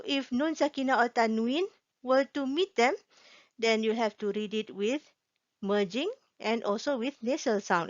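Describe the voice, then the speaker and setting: Woman w teaching, slow, bit higher voice, dull dry recording. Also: dry recording. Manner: patient, checks in often with "okay?" and repeats each rule. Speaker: Quran recitation teacher. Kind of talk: slow explanatory online lesson.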